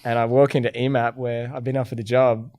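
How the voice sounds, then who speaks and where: A middle-aged Australian man, a podcast guest, telling lively anecdotes in casual conversation and acting out the voices he quotes. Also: medium pitch, brisk. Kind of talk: casual storytelling.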